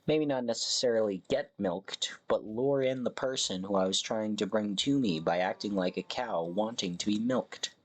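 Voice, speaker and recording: A man's voice: fairly low pitch, normal speed, few pauses. A man streaming a survival game, chatting casually and correcting himself as he rambles. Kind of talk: casual live game commentary.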